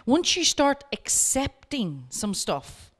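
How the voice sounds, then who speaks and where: A woman speaking at a workshop, telling lively stories and coaching her audience directly. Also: high-pitched, takes it slowly, husky. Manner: lively anecdotes, acting out both sides of the dialogue. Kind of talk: storytelling lecture.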